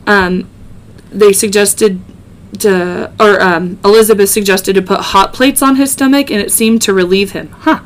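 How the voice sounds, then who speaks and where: A woman's voice: mid-range voice, normal speed. A woman hosting a podcast, casually narrating a true-crime case with joking asides and many ums. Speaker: podcast host.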